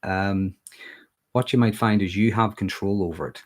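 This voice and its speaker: A man's voice: low voice, moderate pace. A man from Northern Ireland with a Northern Irish accent, talking casually on a livestream and often checking in with "okay?". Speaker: mental health livestreamer.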